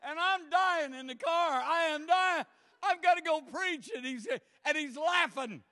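A man's voice: extremely high pitch, measured pace, sharp tone, no room sound, clean studio sound, big-room sound. A man preaching a sermon, telling a funny story with lots of animation, acting out voices and laughing often. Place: church sanctuary.

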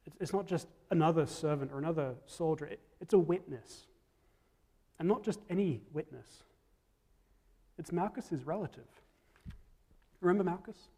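A man preaching a storytelling sermon, reflective, dropping to soft tones at key moments. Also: on the high side, moderate pace, pauses often, slightly rough, long reverb tail.

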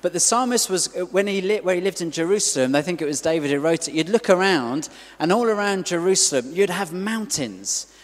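A man's voice: high-pitched, fairly quick, big-room sound. A middle-aged man preaching a sermon in a chatty way, full of asides and rhetorical questions.

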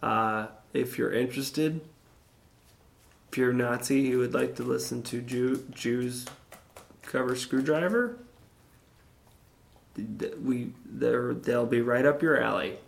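A man's voice: mid-range voice, takes it slowly, gravelly, long pauses. A man hosting his own show, talking in a casual, rambling monologue full of crude jokes and asides to his listeners. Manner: rambling, jokey, crude humor, chats to listeners. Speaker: podcast host.

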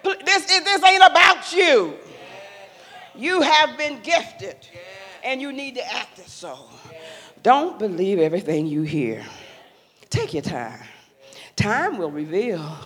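An older woman giving an impassioned, preacherly speech to young adults, rising to loud emphatic calls. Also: on the high side, very animated, takes it slowly, pauses often. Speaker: speaker sharing a mother's wisdom. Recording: long echo of a large hall.

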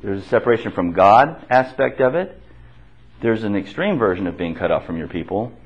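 Bible class teacher, male, animated pitch, slightly husky, dull lo-fi recording, quizzes the room and repeats answers. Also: fairly quick. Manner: asks the class questions and repeats their answers; conversational, with restarts.

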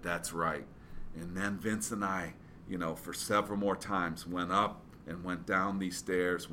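A man's voice: low voice, bright, forceful tone, slight background noise. A man telling a motivational story in a casual, rambling way, with lots of fillers and restarts. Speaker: business speaker.

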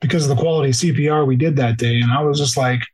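Racing through a tearful first-person story, a police officer guesting on a podcast speaks at medium pitch with fairly even intonation and a darkish, breathy tone. He's full of "like" and restarts, and the audio quality is poor.

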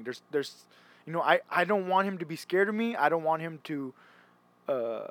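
A man's voice: fairly high pitch, animated, normal speed, fairly bright tone. A young man chatting casually, rambling and restarting often as he retells stories. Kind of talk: casual chat.

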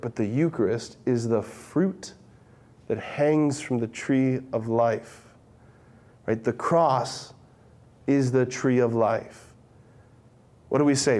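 In a mellow, mid-range voice, a man gives a chatty sermon, reading scripture slowly and theatrically before breaking off into offhand remarks and fast questions aimed at listeners.

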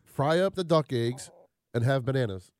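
A man's voice: mid-range voice, animated, normal speed, darkish tone, dry recording, studio quality. A man co-hosting a casual radio talk show, teasing the others and laughing easily. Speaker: radio co-host.

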